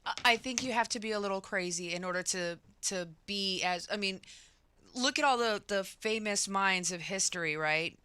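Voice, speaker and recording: A woman's voice: medium pitch, normal speed, bright, forceful tone, clear, resonant tone. A woman co-hosting a radio talk show, chatting casually and making playful asides. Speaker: radio co-host.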